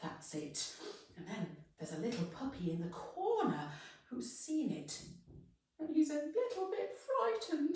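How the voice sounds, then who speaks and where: A woman leading a children's singing warm-up, speaking in an encouraging, sing-song way and acting out animal sounds. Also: high voice, very animated, measured pace, recorded from a distance. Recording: very echoey room, voice off-mic.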